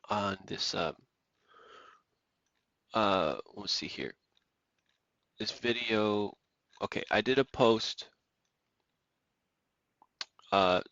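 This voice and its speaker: Guy preaching on the radio, kinda low voice, emphatic, keeps repeating himself, dry dull lo-fi sound. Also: sharp tone, no room sound. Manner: emphatic, repeats phrases for stress. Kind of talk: preaching monologue.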